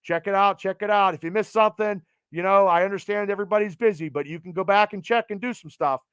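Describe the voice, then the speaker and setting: High-voiced profane podcast man. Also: a bit bright, clean tone, no room sound. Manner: profane, rapid-fire event plugs in announcer cadence. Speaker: podcast host. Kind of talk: casual podcast announcements.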